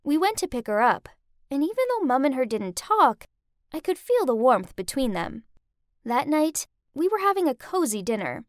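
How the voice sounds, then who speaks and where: A woman narrating an animated story in the first person with heartfelt, emotional storytelling. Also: high-pitched, normal speed, no room sound, clean studio sound.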